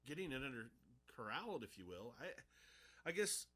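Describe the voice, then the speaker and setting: A man's voice: medium pitch, very animated, normal speed, sharp tone. A man co-hosting a sports radio talk show, casual and joking, throwing questions at his partner. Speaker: radio co-host.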